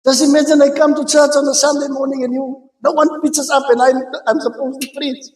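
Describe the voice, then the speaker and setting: High-voiced emphatic pastor. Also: male voice, brisk. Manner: animated, emphatic, repeats phrases, laughs between points. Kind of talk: sermon. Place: church sanctuary. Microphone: stage microphone. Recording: echoey church room.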